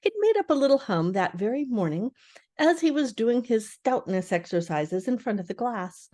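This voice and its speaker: An older woman, a grandmother, reading a children's storybook aloud in a gentle, expressive way. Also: a little high, normal speed.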